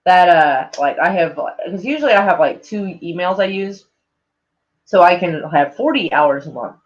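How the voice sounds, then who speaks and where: A man's voice: high voice, animated, moderate pace. A man live-streaming in a loose, meandering chat, heavy on "like" and freely swearing, with a mild speech impediment. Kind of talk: casual rambling stream chat. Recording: dull lo-fi home stream audio.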